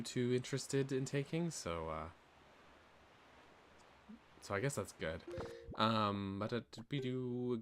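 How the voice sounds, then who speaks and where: A man's voice: mid-range voice, a little hiss or hum. A man streaming a video game, chatting casually with viewers and joking along.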